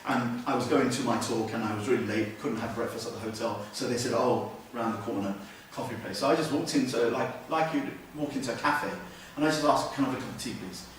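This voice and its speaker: A man's voice: mid-range voice, brisk, slight background noise. Man lecturing in an echoey mosque hall. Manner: storytelling, humorous asides, lively shifts in volume. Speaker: Islamic lecturer. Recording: very echoey hall, distant mic.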